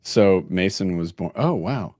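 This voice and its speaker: A man's voice: low-pitched, a little slow, no echo, clean studio sound. A man hosting an interview, joking around and laughing often as he asks questions. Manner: jokey, animated, laughs often. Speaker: interviewer, host. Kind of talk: casual interview chat.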